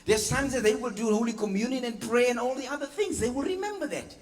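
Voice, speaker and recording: A pastor preaches with a very high, piping voice, asking his congregation for agreement and acting out everyday family scenes. The sound rings with the long reverb of a large church hall. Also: fast talker. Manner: preaching with call-and-response questions to the congregation; acts out scenes with playful mimicked voices and sound effects. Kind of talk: sermon.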